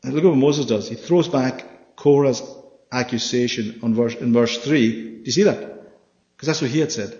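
A man preaching a Bible study sermon, animated and often checking with his listeners through questions. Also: mid-range voice, normal speed. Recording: echoey hall, dull sound.

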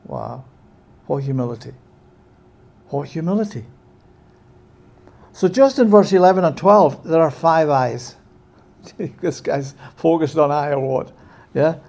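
A man preaching a sermon with emphasis, often checking in with his listeners with a quick "yeah?". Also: on the high side, vocal fry, darkish tone.

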